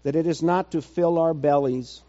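A man preaching a sermon, slow and measured, building to fervent intensity and then dropping low and quiet. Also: steady tone, big-room sound, highs cut off.

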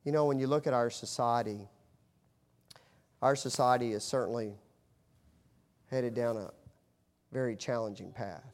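A middle-aged pastor, a man, preaching with animated storytelling that swings from hushed to loud. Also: medium pitch, measured pace, pauses often. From United States. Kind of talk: sermon.

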